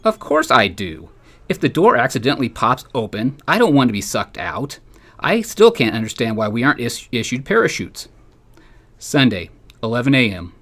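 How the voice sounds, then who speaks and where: A man, a sports writer, reading a humorous newspaper column aloud with wry, deadpan delivery. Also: medium pitch, normal speed.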